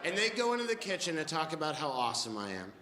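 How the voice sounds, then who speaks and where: A man's voice: on the high side, big pitch swings, quick pace, very noisy. A man in his twenties doing a stand-up set, telling stories with a wry tone and acting out what people said. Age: 20s. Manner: wry storytelling with acted-out quotes. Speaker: stand-up comedian. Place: comedy club stage with live audience. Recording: echoey club with audience laughter.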